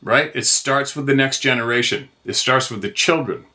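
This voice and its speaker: Middle-aged man, angry profane rant, bright forceful voice, even pitch. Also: moderate pace. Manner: profane, heated, ranting. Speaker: host. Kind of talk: angry monologue.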